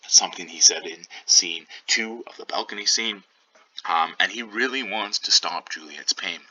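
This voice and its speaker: A man's voice: low voice, steady tone, moderate pace, sharp tone, highs cut off, slight background noise. A male teacher explaining a play in a casual, chatty way, full of "like" and "um".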